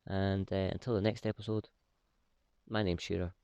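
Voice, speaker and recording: Brief: low, dry-voiced vlog host, unhurried storyteller full of "uh"s. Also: male voice, clean tone, no echo. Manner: relaxed, with many "uh" fillers. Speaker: pipe-smoking vlog host. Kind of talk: casual storytelling. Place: woodland, outdoors.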